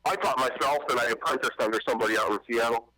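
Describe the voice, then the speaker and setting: A man's voice: mid-range voice, rapid-fire, crowd noise, rough recording. A man calls in to a loose talk show and rambles along in a casual, joking way. He pokes fun at himself as he goes, and his tone stays friendly and easy. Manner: joking, rambling, self-mocking. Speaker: caller and cannabis activist. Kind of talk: casual call-in chat.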